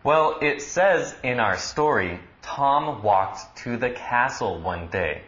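A man teaching English on a radio lesson, explaining words slowly and patiently with lively emphasis. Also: medium pitch, reverberant, lo-fi sound.

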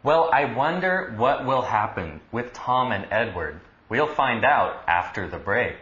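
A man teaching English on a radio lesson, explaining words slowly and patiently with lively emphasis. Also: mid-range voice, roomy sound, highs cut off.

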